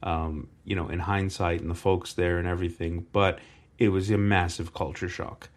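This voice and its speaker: A man in his forties from Canada, co-hosting a podcast in casual chat, telling stories with lively acted-out quotes. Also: low-pitched, moderate pace. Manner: animated storyteller, acts out quoted voices. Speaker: podcast co-host.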